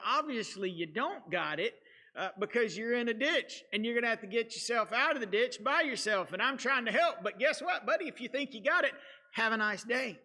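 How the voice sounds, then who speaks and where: A man's voice: very high-pitched, pushed and bright. A man with a Southern US accent teaching a Sunday school lesson in a church, earnest and repetitive, with frequent restarts and fillers. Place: church sanctuary.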